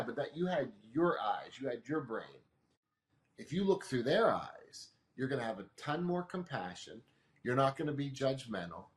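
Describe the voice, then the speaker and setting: Calm teaching man in a roomy space. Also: mid-range voice. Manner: calm, teaching tone with practical examples. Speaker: emotional management expert guest. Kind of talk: explanatory interview answers. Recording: roomy echo.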